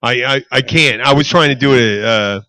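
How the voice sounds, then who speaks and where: Guy riffing hard on a podcast, swears a lot, bright tone. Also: medium pitch. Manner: animated, swearing, quick to riff. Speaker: podcast co-host. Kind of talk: casual chat.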